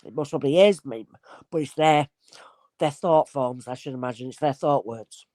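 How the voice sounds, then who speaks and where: A woman's voice: a bass voice, normal speed, dry recording. Chatty woman medium, dry close mic. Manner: animated, acts out voices in anecdotes. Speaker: spirit medium guest. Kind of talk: casual storytelling conversation.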